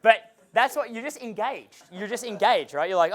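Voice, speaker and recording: A man's voice: high voice, moderate pace. A man giving a live dating seminar as coach, talking with energy and swearing freely. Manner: energetic and profane, acting out quotes. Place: seminar room.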